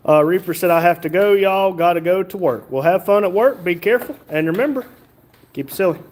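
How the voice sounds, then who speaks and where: High-voiced man reading chat. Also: a little fast, darkish tone. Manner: reads viewer comments aloud, joking. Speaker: livestream host reading chat. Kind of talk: casual livestream chat.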